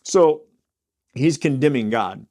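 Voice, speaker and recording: A man teaching a casual Bible study, explaining scripture in plain everyday words, sometimes pausing with fillers or correcting himself. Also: medium pitch, lively intonation, mellow. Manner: occasional fillers and self-corrections.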